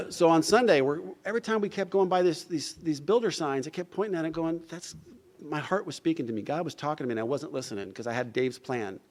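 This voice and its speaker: A middle-aged man from New Jersey gives a recovery talk in an event hall, telling his story, acting out the dialogue, and dropping frequent "you know" asides. His voice is a little high, and he talks a little fast.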